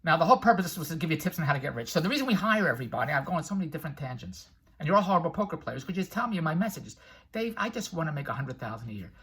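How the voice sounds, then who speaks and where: Older man, brash motivational rant, husky bright voice, lively swooping pitch. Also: rapid-fire. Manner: brash, tangent-prone, laughs at himself. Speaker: vlogger and infomercial producer. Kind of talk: rambling motivational monologue.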